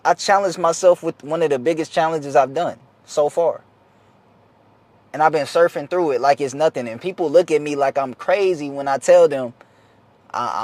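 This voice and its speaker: A man's voice: fairly high pitch, darkish tone, dry recording. A young man talking casually to the camera, giving an earnest, slangy, repetitive motivational talk as a vlogger.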